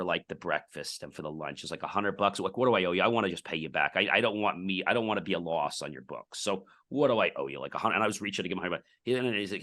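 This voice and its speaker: A man's voice: sits low, quick pace, hardly any pauses, bright, forceful tone. A middle-aged man, a podcast guest, telling a business story in casual interview talk and acting out the dialogue.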